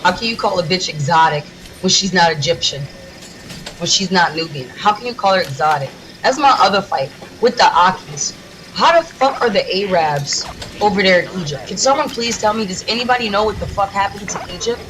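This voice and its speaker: A woman from the United States, a gaming streamer, ranting in a heated, profane, rapid-fire way while she plays. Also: fairly low pitch, expressive, fairly bright tone, a little hiss or hum, rough recording. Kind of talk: casual ranting during a livestream.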